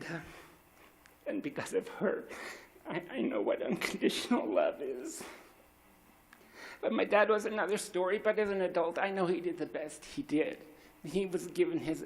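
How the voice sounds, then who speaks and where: A man's voice: fairly high pitch, darkish tone. A middle-aged man telling a raw, confessional personal story at a live story slam, swearing freely and restarting his sentences.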